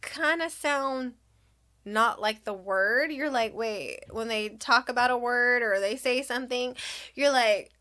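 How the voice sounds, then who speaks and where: A woman's voice: fairly high pitch, a little slow, sharp tone. A young woman and mother telling a funny story to her viewers in a casual way, acting out quotes and laughing often. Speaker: vlogger.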